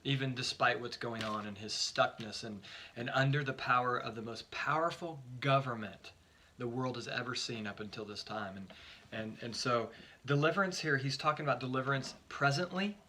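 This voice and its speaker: A man's voice: mid-range voice, moderate pace, sharp tone, a little hiss or hum. A male pastor giving a short devotional on a Bible passage, earnest and emphatic, often repeating words as he starts a phrase.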